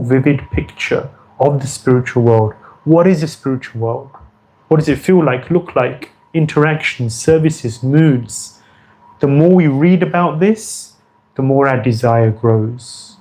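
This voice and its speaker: A man's voice: on the high side, mellow, rough recording. Earnest man giving a devotional talk. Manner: earnest, repeats phrases for emphasis. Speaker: spiritual teacher. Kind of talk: devotional lecture.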